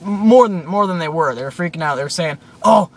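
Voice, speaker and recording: A man's voice: fairly high pitch, expressive, a little fast, a little hiss or hum. Rambling young man recounting a dream. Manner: rambling, full of "like" and "um"; awed retelling of a dream. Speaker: vlogger. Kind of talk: casual storytelling.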